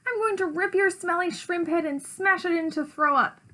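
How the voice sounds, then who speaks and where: A woman reading a storybook aloud and voicing a hot-tempered little girl who shouts with drawn-out angry words. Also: very high voice, pitched above the performer's own voice. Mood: furious.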